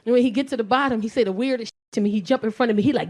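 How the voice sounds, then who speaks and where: A brash South Bronx woman in her forties with a New York accent races through a stand-up set on a club stage, barely pausing. Holding a handheld mic, she swings up into high squeals and shouts.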